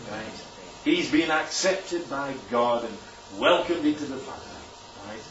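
A man preaching a sermon, animated and emphatic, often checking in with "right?". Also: on the high side, a little hiss or hum. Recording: echoey room, distant mic, dull sound.

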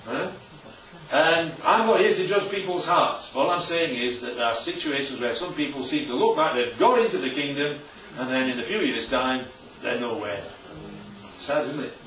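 Teaching scripture to a small church group, this preacher speaks at normal speed in a mid-range, fairly bright voice, forever asking questions and making jokey asides. The audio sounds distant and roomy, with a dull, lo-fi quality.

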